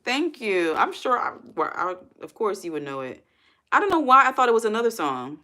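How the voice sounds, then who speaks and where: A woman's voice: a little high, sing-song, brisk, pushed and bright. A woman chatting casually on a livestream, thinking aloud and answering viewer comments. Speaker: livestream host.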